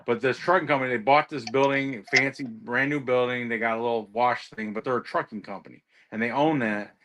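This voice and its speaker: A man's voice: medium pitch, fairly even intonation, a little fast, crowd noise. A man who drives trucks, chatting casually and telling stories while swearing heavily. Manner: heavy swearing, ranting storyteller. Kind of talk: casual chat.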